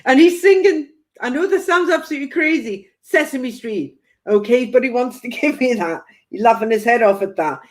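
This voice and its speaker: A woman's voice: on the high side, expressive, moderate pace. Chatty woman medium giving live readings. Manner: chatty, relays spirit messages with playful quoted asides. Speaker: spiritual medium. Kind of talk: live-stream psychic reading.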